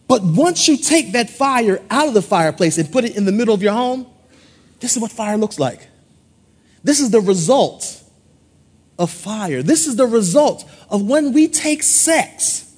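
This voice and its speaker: Husky, lively-pitched preaching man. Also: measured pace, long pauses. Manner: playful, call-and-response preaching. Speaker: pastor. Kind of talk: sermon.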